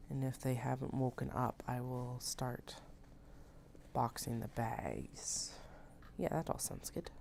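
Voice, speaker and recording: A woman's voice: rumbling low, flat delivery, slow pace, creaky, a little mellow, slight background noise. A woman in her thirties chatting casually and thinking aloud while she sews on a live stream at home, self-mocking and talkative. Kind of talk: casual chat while working.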